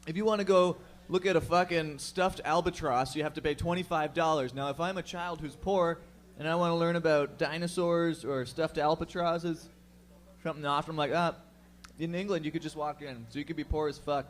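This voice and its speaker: Man, podcast guest, casual profane rambling, somewhat high voice. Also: fairly even intonation, fairly quick. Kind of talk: casual chat.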